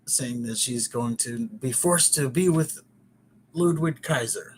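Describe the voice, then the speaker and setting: With slight noise in the background, a man on his podcast chats his way through a wrestling recap, rambling and joking as he goes. The pitch is medium and the delivery slow.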